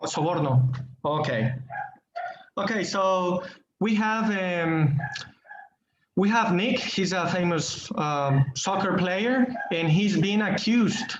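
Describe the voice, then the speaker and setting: A man's voice: sits high, expressive, slow pace, roomy sound, dull audio, a little hiss or hum. A male English teacher, patiently explaining grammar with examples and repeating key words in an online class.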